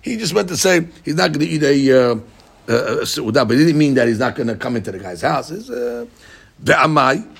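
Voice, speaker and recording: Lively and brisk, a male teacher walks a class through a text, impersonating the figures he quotes and repeating words often. His voice sits on the high side and sounds gravelly and husky.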